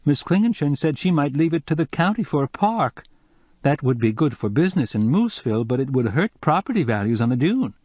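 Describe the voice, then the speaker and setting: A man's voice: on the high side, sing-song, fairly quick, darkish tone, no echo, pitched above the performer's own voice. A man voicing a frank, chatty woman in a storybook reading, in a dry, close recording. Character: woman, Laurie, outspoken wife.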